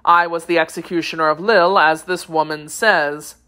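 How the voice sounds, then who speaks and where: A grim, cold male executioner recounting his story with solemn weight, read by a woman narrator. The voice sits a little low with a bright, sharp edge, and the delivery stays measured and severe in this storybook reading. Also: fairly even intonation.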